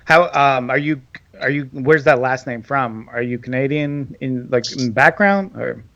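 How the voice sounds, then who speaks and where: A man's voice: mid-range voice, measured pace, fairly bright tone, no echo, muffled recording. Podcast host man, dry close sound. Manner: friendly, brief acknowledgements. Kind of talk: casual interview hosting.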